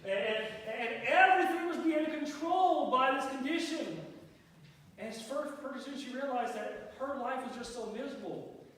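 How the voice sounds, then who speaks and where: Folksy pastor preaching in an echoey hall. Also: male voice, very high voice, measured pace, a bit bright. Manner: storytelling, folksy, playful. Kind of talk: sermon. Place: church sanctuary. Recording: echoey hall, mic far off.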